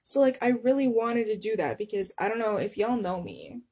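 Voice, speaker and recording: Rambling young woman, a bit high. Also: expressive, normal speed, darkish tone, slightly rough. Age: young adult. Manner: rambling, full of fillers. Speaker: podcast co-host. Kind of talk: casual podcast chat.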